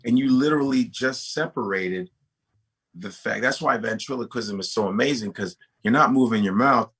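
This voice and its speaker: A comedian talking casually as a guest, animated and profane, often restarting his sentences. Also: mid-range voice, moderate pace, breathy edge. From United States. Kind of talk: casual podcast conversation.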